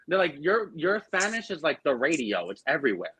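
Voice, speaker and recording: A man with a Boston accent, chatting casually as a podcast guest and telling animated stories full of fillers. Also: a little high, breathy edge, no echo, rough recording. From Argentina. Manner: animated, quick storytelling with lots of fillers. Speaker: drag performer guest.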